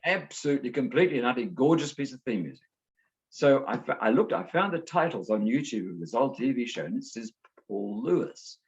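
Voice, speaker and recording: A middle-aged man from New Zealand, a guest author talking casually in an interview and telling lively anecdotes. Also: mid-range voice, brisk, muffled recording. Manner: animated storyteller, acts out voices in anecdotes. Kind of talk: conversational interview.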